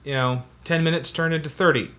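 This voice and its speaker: A man co-hosting a casual tabletop gaming podcast, telling an animated, sarcastic story about a late player. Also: on the high side, a little fast. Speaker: podcast co-host.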